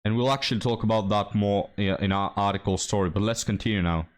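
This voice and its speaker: Blunt low-voiced male commentator. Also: fast talker. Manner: blunt, addresses viewers as guys. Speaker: commentary channel host. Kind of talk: reaction commentary.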